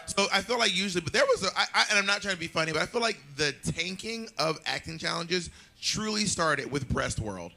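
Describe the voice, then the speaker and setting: A man's voice: sits high, animated, a little fast, vocal fry, few pauses, bright, forceful tone. A man sharing sassy, opinionated commentary at a bar viewing party, swearing freely. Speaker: drag queen panelist. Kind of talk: casual banter at a viewing party.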